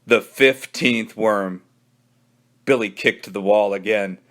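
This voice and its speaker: A man, a children's librarian, reading a children's book aloud with animated storytelling. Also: lowish voice, slow pace.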